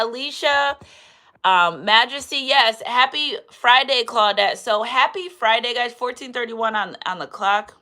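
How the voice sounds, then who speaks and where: A woman's voice: fairly high pitch, bright, forceful tone. A woman giving a live tarot reading. She preaches, quotes scripture and repeats her phrases. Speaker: tarot reader.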